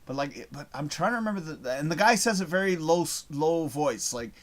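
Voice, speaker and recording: A man's voice: fairly high pitch, expressive, brisk. A man hosting a live show, reading out chat messages in a casual, rambling way, swearing often and losing his train of thought.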